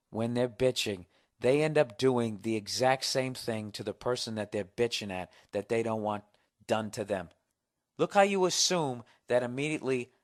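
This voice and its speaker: A middle-aged man hosting a solo podcast, telling a story in a profane, sarcastic, animated rant. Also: lowish voice. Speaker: podcast host.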